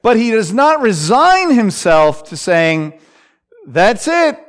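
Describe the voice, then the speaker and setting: A man's voice: high voice, big pitch swings. A man teaching a Bible passage in a conversational way, with frequent fillers and asides, acting out the quoted lines. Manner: unhurried, lots of fillers and asides, voices scripture quotes.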